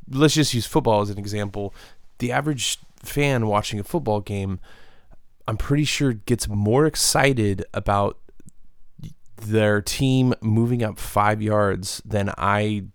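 A man hosting a solo comedic podcast, rambling in a deadpan, profane way. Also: on the low side, creaky, no room sound, clean studio sound. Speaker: podcast host.

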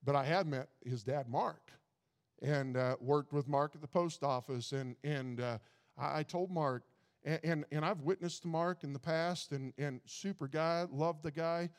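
A man's voice: fairly high pitch, a little slow, long reverb tail. A man preaching a sermon in a folksy way, often stumbling over and repeating his words. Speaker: pastor.

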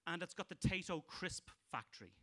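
A man's voice: on the high side, expressive, a little fast, a bit bright. A man with a Dublin Irish accent performing a stand-up set, dry and hesitant with frequent ums and restarts. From Ireland. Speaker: stand-up comedian.

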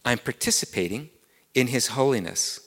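A man's voice: mid-range voice, moderate pace, a bit bright, in a large hall. A man with an English accent preaching a sermon as pastor, earnest and repeating key words, climbing to emphatic peaks.

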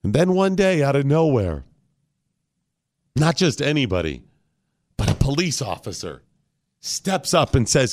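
A man's voice: medium pitch, big pitch swings, unhurried, pauses often. A man hosting a talk radio show, chatting casually in a mock-solemn, theatrical way that builds to bursts.

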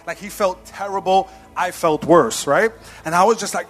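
A male pastor with a fairly high voice preaching in a church. He tells lively stories and laughs at himself along the way. Soft music plays underneath. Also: moderate pace. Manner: animated storytelling, laughing at himself. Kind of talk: sermon.

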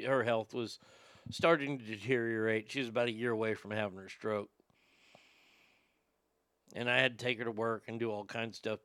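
A man's voice: lowish voice, a bit bright, clear, resonant tone, no echo. A man from Texas, a talk show host, telling a story in a blunt, profane, laid-back way. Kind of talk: casual storytelling chat.

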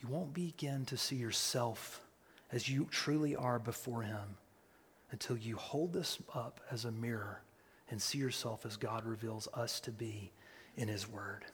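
A male pastor preaching a sermon, swinging from hushed near-whispers to loud proclamation. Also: mid-range voice, measured pace, long reverb tail, a little hiss or hum.

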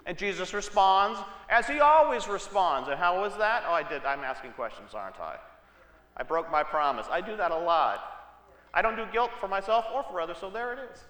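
Brisk and pushed, with a bright, high voice and big pitch swings, this pastor tells Bible stories in a conversational sermon, turning aside to address the congregation. The sound carries the echo of a church hall.

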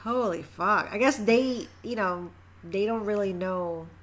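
A woman's voice: mid-range voice, a little slow. A woman co-hosting a casual chat, recapping a show and saying "you know" a lot. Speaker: podcast co-host.

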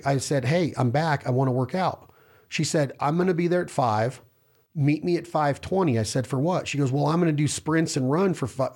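A man's voice: on the high side, darkish tone, breathy edge. A man talking in a rambling casual chat, telling stories and acting out what people say to him. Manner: rambling, storytelling, acts out quoted voices. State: hungry while fasting.

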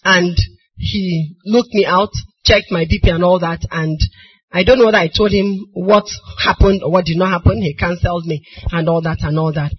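A middle-aged woman with a Nigerian accent preaching a sermon, moving from soft storytelling to crying, shouted appeals. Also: lowish voice, moderate pace, breathy edge. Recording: dull lo-fi recording.

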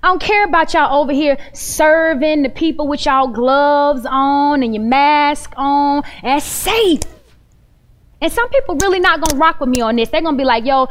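A young woman delivering a sermon as a lively story, with a high, bright voice. She keeps talking directly to the congregation, casual and animated. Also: moderate pace. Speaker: preacher.

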